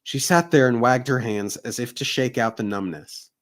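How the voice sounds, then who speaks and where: A man, co-host of a book channel, narrating a fantasy story aloud in a steady reading voice. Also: mid-range voice, moderate pace. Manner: steady reading, jokey asides. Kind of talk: amateur story read-aloud.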